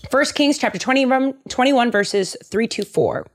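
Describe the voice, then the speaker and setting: A woman's voice: sits high, animated, normal speed. A woman casually retelling bible stories in a joking, chatty way, with many fillers.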